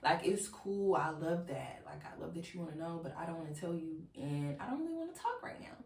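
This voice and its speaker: Young adult woman, low register, casual storyteller addressing her viewers; roomy sound, mic set back. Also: lively intonation, brisk, vocal fry, darkish tone, far from the mic. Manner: chatty storytelling, heavy "like", addresses viewers as y'all. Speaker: vlogger.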